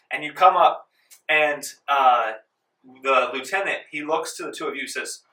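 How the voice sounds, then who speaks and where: A man runs a tabletop game in a casual, rambling way full of fillers. His voice is very bright and sharp. He sits at a middling pitch and sounds far from the mic in an echoey library room. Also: normal speed. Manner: casual, filler-heavy narration. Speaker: game master. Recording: roomy room, distant mic.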